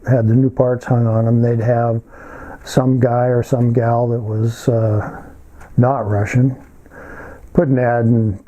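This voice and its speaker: An older man telling a story in a casual monologue, halting and rambling with many filler pauses. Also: medium pitch, flat delivery, mellow, dull audio.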